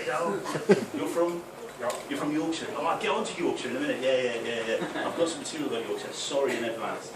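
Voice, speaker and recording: A young stand-up comedian from Newcastle, England, with a high-ish voice and a mild, mostly softened Geordie accent, chats with and teases the crowd, swearing and saying "right?" a lot. He's picked up from far back in a noisy, echoey small club function room with an audience.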